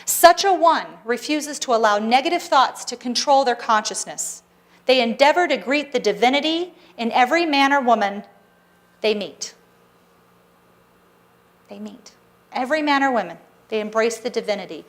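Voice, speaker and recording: A woman with a high, bright-pitched voice delivers a Sunday sermon to her congregation. She speaks earnestly and encouragingly, often slipping in playful asides. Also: animated, normal speed. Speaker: spiritual practitioner giving the Sunday talk. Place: church service hall.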